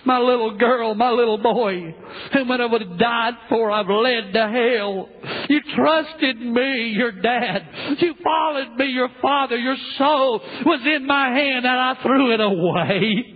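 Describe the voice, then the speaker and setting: A male preacher playing a regretful father lamenting from hell, with a halting, pleading, mournful delivery. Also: very high voice, slightly rough, exaggerated voice. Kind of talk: dramatic sermon reading. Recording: tinny lo-fi phone-like recording.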